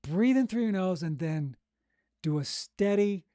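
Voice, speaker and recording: A man coaching authors on narrating their audiobooks, talking casually and demonstrating breathing and voice warm-ups. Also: sits high, animated, a little slow, no room sound, clean studio sound. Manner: encouraging, conversational, frequent "okay?" and "right?". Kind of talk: coaching monologue.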